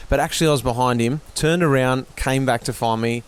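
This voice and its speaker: A man's voice: medium pitch, moderate pace, hardly any pauses. Chatty Australian man on a ride. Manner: chatty, matey banter. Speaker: podcast host. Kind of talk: casual on-the-road chat. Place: outdoors on a bike ride.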